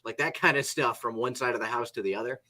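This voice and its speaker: A man's voice: medium pitch, fast talker, pushed and bright. A man co-hosting a casual live chat show, talking loosely, trailing off mid-sentence and laughing often. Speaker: co-host.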